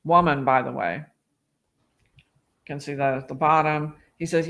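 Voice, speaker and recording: Lawyer host on a live stream, somewhat higher-pitched man narrating transcripts with commentary. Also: fairly even intonation, measured pace, creaky, fairly bright tone. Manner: reads out transcript quotes with asides.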